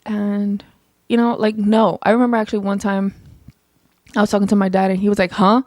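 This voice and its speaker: A young woman hosting her own show in a casual solo chat, blunt and emphatic, with a naturally loud voice that projects. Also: medium pitch, steady tone, no echo, studio quality. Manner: blunt, emphatic, talks fast with lots of "like". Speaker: podcast host.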